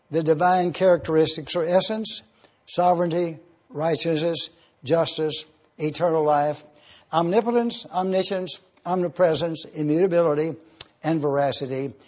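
A man preaching a sermon, explaining Greek words slowly and spelling them out letter by letter. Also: a little high, a little mellow, muffled recording. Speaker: pastor. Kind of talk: sermon with Greek word study.

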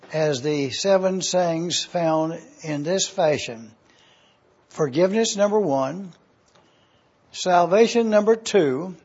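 Brief: male preacher, husky, deliberate teaching delivery, dull lo-fi recording. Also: on the high side, a little mellow. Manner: slow, deliberate, repeats points for review. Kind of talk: teaching sermon.

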